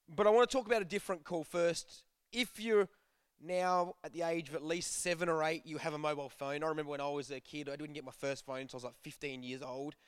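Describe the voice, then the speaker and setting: A man's voice: on the high side, clean tone, no echo. A young man giving a casual, joking sermon to a youth group, telling stories and acting out bits of dialogue. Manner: chatty, jokey, acts out dialogue. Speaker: youth preacher.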